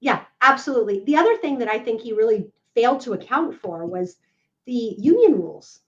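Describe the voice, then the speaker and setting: Emphatic, fairly high-voiced woman legal analyst for a podcast; dull lo-fi audio. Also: animated, fairly quick. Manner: emphatic, keeps checking in with "right?".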